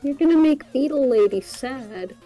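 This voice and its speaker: A woman chatting casually with friends during a game stream, relaxed and hesitant. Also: sits high, moderate pace, faint music behind. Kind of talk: casual gameplay chat.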